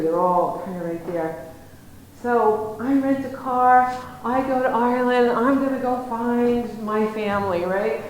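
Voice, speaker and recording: A woman's voice: mid-range voice, a little mellow. A woman from the United States telling a personal story as a guest lecturer, rambling and restarting her sentences. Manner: rambling, self-interrupting, many restarts. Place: lecture hall. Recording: very echoey hall, faint noise.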